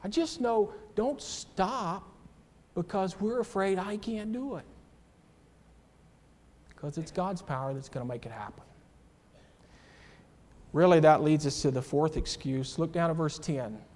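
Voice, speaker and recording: A man's voice: a little high, animated, unhurried, long pauses, a little mellow, big-room sound. A man teaching a church class in a sermon style, emphatic and full of rhetorical questions and personal asides.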